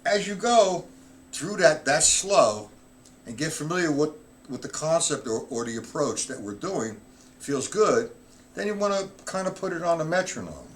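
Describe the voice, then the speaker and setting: A middle-aged man teaching a live-streamed drum lesson, counting rhythms aloud loud and slow between explanations. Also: on the high side, very animated, a little hiss or hum.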